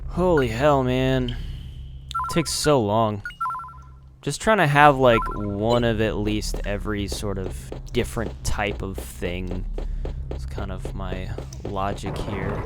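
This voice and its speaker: A man's voice: lowish voice, slow, background noise. A man commenting casually on his gameplay, rambling and swearing, laughing at himself, a little tipsy. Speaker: let's play gamer.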